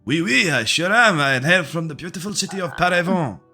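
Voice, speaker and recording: A man voicing a foppish, flirtatious middle-aged gentleman with a thick French-style accent. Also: on the high side, expressive, a little fast, faint music behind, voice pushed up, heavily acted. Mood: flattered. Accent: thick French-style Bretonnian. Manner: flirtatious and flowery.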